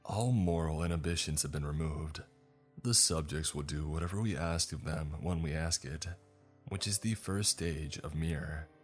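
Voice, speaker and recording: A shaken woman scientist explains an experiment in formal, clinical phrasing, read by a male narrator in his own very deep voice. Faint music sits behind her words. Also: normal speed.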